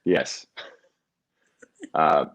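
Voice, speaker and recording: A man's voice: very slow, a bit bright. A man from the American South, a comedian guest in a casual video-call interview, with dry, playful humor.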